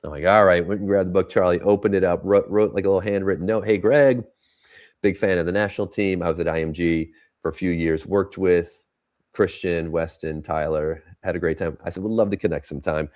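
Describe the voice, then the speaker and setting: A man's voice: low-pitched, fairly even intonation, brisk, darkish tone. A middle-aged man telling a story in a podcast conversation, acting out the dialogue he quotes. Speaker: guest.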